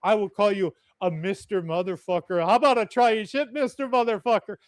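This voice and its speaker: A man's voice: high voice, fairly even intonation, fairly quick, no echo, voice pushed up, natural voice. A man imitating an angry foreign man who mangles his curse words in broken, stilted insults. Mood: indignant.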